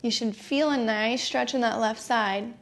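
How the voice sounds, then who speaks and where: A young adult woman teaching a gentle yoga class, giving calm, encouraging step-by-step cues. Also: on the high side, measured pace. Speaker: yoga instructor.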